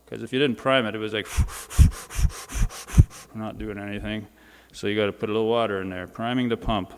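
A man giving a sermon in a church, speaking in a conversational way with informal asides. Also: medium pitch. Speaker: preacher. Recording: reverberant church hall.

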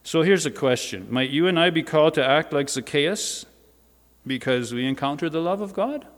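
A man's voice: fairly high pitch, animated, normal speed. A man giving a sermon in a church, speaking in a conversational way with informal asides. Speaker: preacher. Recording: reverberant church hall.

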